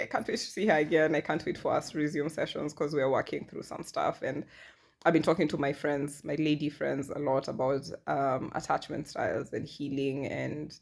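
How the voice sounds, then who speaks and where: Low-voiced woman in her 30s, chatty honest vlog talk, wry jokes. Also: steady tone, moderate pace, gravelly, a little mellow, slightly rough. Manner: candid, chatty, self-deprecating humor. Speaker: vlogger. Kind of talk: reflective personal vlog.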